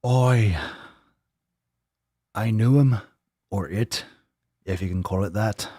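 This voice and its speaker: A grizzled old pirate leans in to tell a tale, his put-on Irish brogue gruff and unhurried, as a man puts him on. The voice sits low, and the recording is dry and close. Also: dark tone, dry recording. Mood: yarn-spinning. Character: old male pirate storyteller in a pub.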